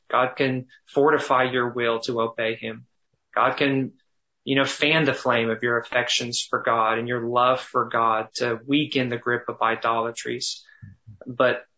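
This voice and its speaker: A man teaching thoughtfully in conversation, often pausing, restarting and slowing down to dwell on phrases. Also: mid-range voice, bright, forceful tone, lo-fi sound. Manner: thoughtful, halting with restarts, slows to savor phrases. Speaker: guest teacher on biblical counseling.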